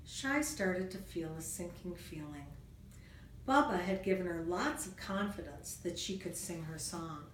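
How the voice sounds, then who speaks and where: A woman reading a children's storybook aloud, gentle and expressive, with a lively rise and fall in her mid-pitched voice. She sits some distance from the mic in a roomy space. A faint hiss runs underneath. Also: unhurried.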